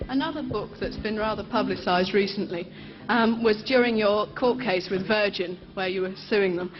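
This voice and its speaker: A woman's voice: mid-range voice, moderate pace, faint music behind. A woman presenting a TV show and interviewing a guest in a cheeky, teasing way. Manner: cheeky, playful, mocking. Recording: dull 1980s TV sound.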